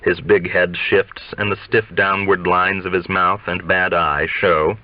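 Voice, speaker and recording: A man narrating a literary novel aloud in a measured, deliberate way. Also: sits low, little pitch movement, dry recording. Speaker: audiobook reader. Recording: dry, dull lo-fi sound.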